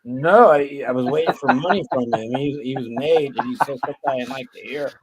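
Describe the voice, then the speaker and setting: A man's voice: mid-range voice, a little fast, a loud crowd. A man, a guest on a call-in show, telling a profane story and acting out what other people said. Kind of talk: casual storytelling. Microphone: video call.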